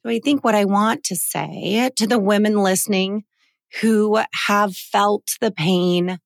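A woman in her forties talks in a casual, heartfelt way as a podcast co-host. Her voice carries a gravelly fry at a middle pitch. The close mic sounds dry, with no room. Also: no echo. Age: 40s. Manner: earnest, emotional, heartfelt.

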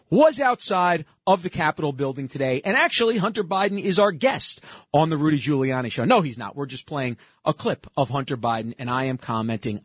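Sarcastic talk-show host with a husky voice. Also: male voice, a little high, no room sound. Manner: sarcastic, interrupts clips often. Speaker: radio show host commenting on clips. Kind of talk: opinionated talk-show commentary.

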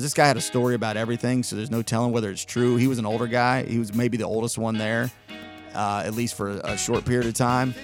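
A man hosting a radio show, telling a long casual story in a rambling, laid-back way with lots of fillers. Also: medium pitch.

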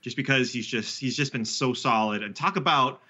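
A man's voice: mid-range voice, moderate pace, sharp tone, muffled recording. A man talking through betting picks in a casual podcast chat, rambling and correcting himself with fillers. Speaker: sports betting analyst guest.

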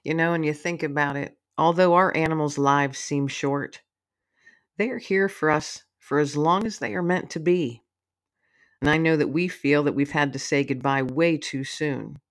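A woman's voice: deep voice, normal speed. A woman author reading her own story aloud in a heartfelt, storytelling manner. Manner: warm, heartfelt narration.

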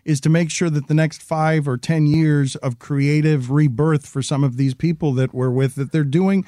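A man's voice: on the high side, steady tone, moderate pace, mellow, dry recording. Effusive middle-aged male host, dry close sound. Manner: effusive, long winding sentences. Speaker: show host and media company head. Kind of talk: casual interview chat.

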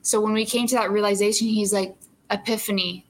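A young woman talking easily as an interview guest, full of "like" and quick laughs. Her voice sits at an ordinary pitch, with a faint hiss of background noise behind it. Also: fairly even intonation. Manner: chatty, filler-heavy, laughs often. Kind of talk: casual interview chat.

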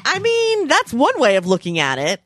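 A woman co-hosting a podcast in casual chat, playful and quick to laugh. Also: sits high, huge pitch swings, a bit bright, a little hiss or hum. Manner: playful, giggly storyteller. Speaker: podcast co-host.

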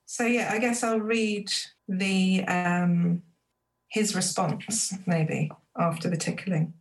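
A woman author reading aloud from her book and reflecting on it with soft fillers. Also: fairly low pitch, fairly even intonation, slow, rough recording.

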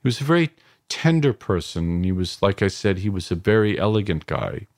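A man from New York in his fifties, a filmmaker reflecting on his family in an interview, halting and restarting often. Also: sits low, very animated, a little mellow, no room sound, studio quality. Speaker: filmmaker guest. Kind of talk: interview answers.

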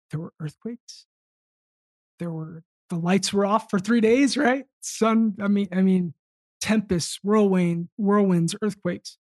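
A man telling a personal story in casual conversation, earnest and halting with frequent restarts. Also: high-pitched, a little mellow, dry recording. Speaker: podcast guest.

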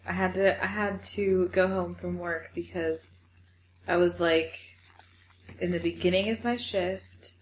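A woman co-hosting a podcast, talking frankly and sympathetically about anxiety. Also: fairly low pitch. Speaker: podcast co-host. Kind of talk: candid podcast chat. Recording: echoey room with faint hiss.

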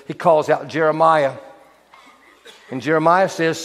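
A man preaching a sermon as pastor, animated, acting out biblical figures in quick voices. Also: a little high, big-room sound. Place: church hall.

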